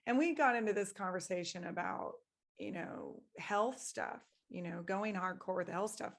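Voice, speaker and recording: A woman's voice: fairly low pitch, moderate pace, creaky. A woman who is a podcast guest, speaking reflectively in a casual, rambling way. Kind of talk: casual spiritual conversation.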